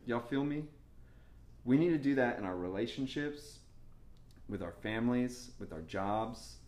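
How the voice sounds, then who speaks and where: Animated young male preacher, echoey room. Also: medium pitch, a little slow. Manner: conversational, animated preaching with laughs and asides. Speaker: pastor. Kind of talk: sermon.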